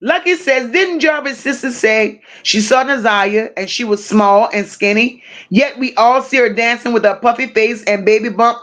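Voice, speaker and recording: A high-voiced woman hosts a loose true-crime livestream, reading out chat comments and firing back at viewers. She talks bluntly and swears freely, teasing regulars with rowdy banter. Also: moderate pace, hardly any pauses, fairly bright tone.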